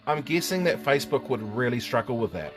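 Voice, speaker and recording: A middle-aged New Zealand man chats loosely through a live stream, cracking jokes, dropping the odd swear word and calling out viewers by name. His voice sits at an ordinary middle pitch for a man, with faint music somewhere behind him. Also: very animated, fast talker. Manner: joking, swearing, reading out viewer names. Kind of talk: casual live-stream chat.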